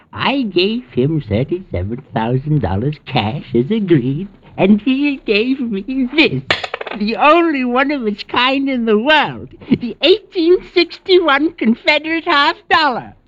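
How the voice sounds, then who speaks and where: An eccentric collector in his seventies, fussy and excitable, in a breathy voice that swoops up and down. He rambles and cuts himself off. The old radio broadcast sounds muffled. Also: medium pitch, exaggerated voice. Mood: gloating. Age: 70s. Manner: fussy, rambling, self-interrupting. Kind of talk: 1940s radio acting.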